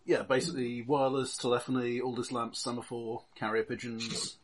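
A man's voice: medium pitch, flat delivery, a little fast, low-quality recording. A man running a tabletop game, chatty with dry humor, explaining rules helpfully. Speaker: game master. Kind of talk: casual tabletop game chat.

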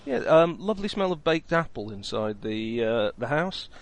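Man, game master; lively up-and-down delivery, wry and unhurried. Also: mid-range voice, poor audio. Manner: hesitant, wry, many ums. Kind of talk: narrating a tabletop game.

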